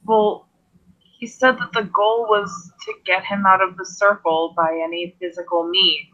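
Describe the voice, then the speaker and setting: Bright sharp voice, dull lo-fi mic, narrating their character in a tabletop game. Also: mid-range voice, level tone, measured pace. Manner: narrates own character's actions in third person. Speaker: tabletop role-play player. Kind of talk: in-character role-play with narration.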